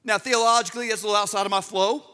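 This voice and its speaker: A man's voice: high voice, steady tone, rapid-fire, bright, forceful tone, smooth. A middle-aged man, a pastor, preaching a sermon to a live congregation, telling stories with humor and asides to the listeners. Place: church sanctuary with live congregation. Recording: long hall reverb.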